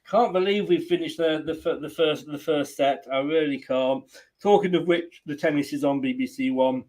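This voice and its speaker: A man hosts a football watch-along stream in casual chat. He teases his co-host and the chat and laughs easily. His voice sits slightly high. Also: normal speed, a little mellow. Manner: jokey, teasing, laughs often.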